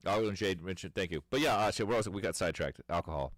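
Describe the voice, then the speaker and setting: Low-voiced man rambling on a livestream. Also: racing, fairly bright tone, no room sound, clean studio sound. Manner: rambling storytelling with laughs. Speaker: streamer. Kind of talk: casual livestream chat.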